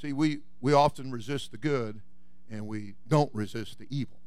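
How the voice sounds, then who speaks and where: A man pastor delivering a sermon, fiery preaching that swings from folksy storytelling to shouting. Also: medium pitch, normal speed, clean tone, dry recording.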